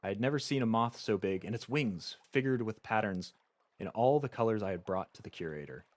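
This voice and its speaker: A man's voice: lowish voice, expressive, a little fast, no room sound. A man streaming a game live, reading its story text aloud and chatting casually with frequent stammered restarts.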